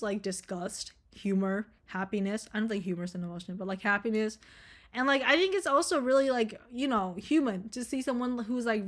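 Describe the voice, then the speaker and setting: A woman's voice: on the high side, a bit bright. A young adult woman talking to camera in a casual, rambling vlog, blunt and profane, with many fillers. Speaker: vlogger.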